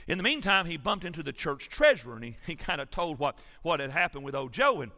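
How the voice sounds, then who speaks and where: A man's voice: a little high, very animated, quick pace, pushed and bright, big-room sound. A man, a pastor preaching an emphatic, storytelling sermon in a church sanctuary.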